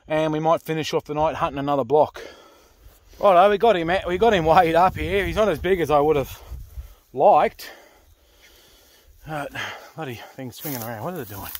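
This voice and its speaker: Breathless Australian man, fairly high voice. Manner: rough-spoken and chatty, swears freely. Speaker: pig hunter. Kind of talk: casual outdoor vlog. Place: outdoors in the bush.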